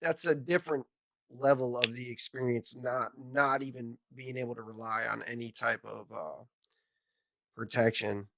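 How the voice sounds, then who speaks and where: A man co-hosting a podcast, speaking in a halting way, repeating himself and swearing. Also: medium pitch, steady tone, vocal fry, a bit bright, dry recording. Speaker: podcast co-host, veteran. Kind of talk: casual conversation.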